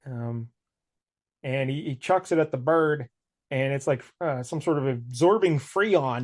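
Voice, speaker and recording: A man's voice: medium pitch, a little slow. A man co-hosting a podcast, casually recapping a comic book plot, laughing and slipping into mock voices for the characters. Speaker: podcast co-host.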